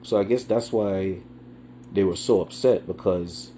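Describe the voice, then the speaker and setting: A man hosting his own podcast, delivering an angry, profane political rant, often repeating himself and answering his own points with "yeah", dropping to a mutter and then surging louder. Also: measured pace, a little hiss or hum. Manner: swings from muttering low to loud outbursts. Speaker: podcast host.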